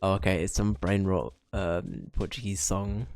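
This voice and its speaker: Low-voiced young man streaming a game. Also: lively intonation, a little slow, creaky, darkish tone, faint music behind. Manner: rambling, self-mocking, trailing restarts. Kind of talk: casual chat while playing and reading chat.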